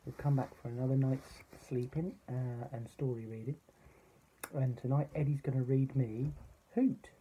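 A father reading a bedtime story aloud to his son, gentle and expressive. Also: mid-range voice, normal speed, a little hiss or hum, low-quality recording.

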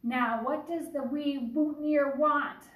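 A woman voicing a blustery, loud male pirate captain in a read-aloud picture book, bellowing hearty pirate talk. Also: sits high, steady tone, takes it slowly, recorded from a distance, highs cut off, voice pushed up. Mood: gruff. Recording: roomy sound from away from the mic.

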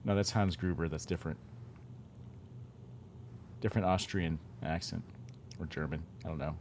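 A man's voice: low-pitched, fairly even intonation, normal speed, darkish tone, a little hiss or hum. A man hosting a game studio's live stream in casual chat, talking loosely and often repeating himself as he restarts sentences. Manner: chatty, self-interrupting, repeats words.

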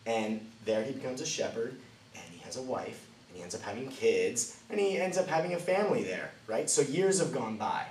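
A man teaching a children's Bible lesson as a lively storyteller, swinging between loud and hushed delivery. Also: mid-range voice, fairly quick. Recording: roomy, distant mic, faint ambient noise.

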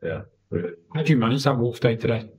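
A man's voice: mid-range voice, sing-song, fast, a little mellow, slightly rough, low-quality recording. A man hosting a podcast, asking brief, prompting questions. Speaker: podcast host. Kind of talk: interview questions.

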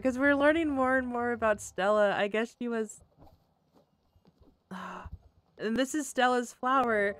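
A young woman streaming a video game from home into a desk mic, chatting casually and emotionally, halting with lots of fillers and laughing through tears. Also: a little high, a bit bright, faint music behind. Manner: halting, full of fillers and restarts. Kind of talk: casual gameplay chat.

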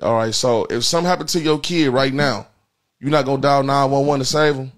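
A man hosting a call-in comedy show, ranting crudely and taking calls, brash and profane, jumping into high squeals for effect. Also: steady tone, fairly quick. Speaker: host of a call-in prank show.

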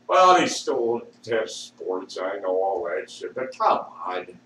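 Slow, echoey, swearing man ranting. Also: deep voice, sing-song. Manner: erratic, swings between shouting and muttering; swears constantly. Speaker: vlogger. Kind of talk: rambling profane rant. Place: at home with a dog. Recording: echoey room, distant mic, faint hiss.

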